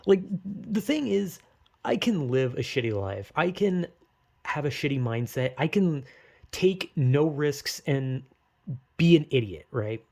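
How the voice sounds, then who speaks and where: A man's voice: a little high, very animated, measured pace, vocal fry, dark tone. Rambling young man venting about fear. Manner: rambling, swears a lot, self-critical; urgent, pep-talk bursts. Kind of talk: emotional personal monologue.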